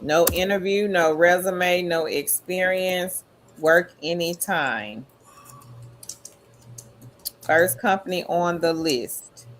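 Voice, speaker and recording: A woman hosts a live stream and reads her viewers' chat comments out loud one after another. She keeps it upbeat and friendly, cheering people on and calling them queen. Her voice sits a little low for a woman. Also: slow, pauses often, slight background noise. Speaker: livestream host.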